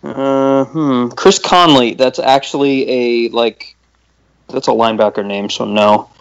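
A man's voice: mid-range voice, measured pace, creaky, clear, resonant tone. A man co-hosting a fantasy football podcast, chatting casually during a draft, joking and laughing often. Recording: dull lo-fi recording.

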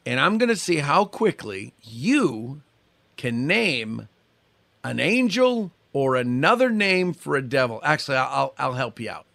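A man's voice: medium pitch, sing-song, measured pace, vocal fry, fairly bright tone, no room sound. A man hosting a playful game segment, teasing his guest and laughing often. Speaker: host. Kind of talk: playful game-show banter.

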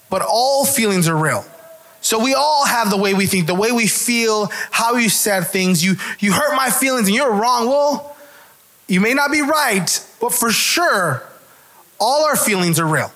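A man's voice: sits high, lively intonation, normal speed, bright, forceful tone. A pastor giving a conversational sermon to his church, often restarting his words and checking in with "right?".

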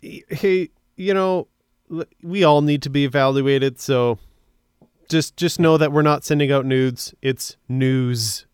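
Clear-voiced upbeat podcast host. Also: male voice, a little high, steady tone, measured pace, a little mellow, no echo, studio quality. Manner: laughs easily, upbeat reactions. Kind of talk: casual chat.

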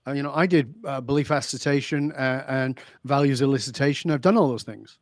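A man's voice: medium pitch, a little fast, no echo, studio quality. A man telling stories as a guest in a podcast interview, acting out the dialogue with energy. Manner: animated storyteller, acts out dialogue. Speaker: leadership speaker, guest.

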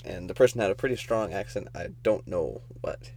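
A man's voice: sits low, expressive, a little fast, vocal fry, darkish tone, a little hiss or hum. A young man co-hosting a casual podcast, telling a rambling story and laughing as he goes. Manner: rambling, laughs often, loses his thread. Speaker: podcast co-host.

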